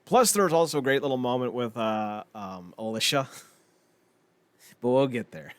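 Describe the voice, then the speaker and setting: A young man co-hosting a casual podcast, with a voice of middling pitch. He rambles excitably, stumbles through fillers and breaks into laughter often. The sound is close and dry, with no room echo. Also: unhurried, smooth. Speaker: podcast co-host. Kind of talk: casual wrestling chat.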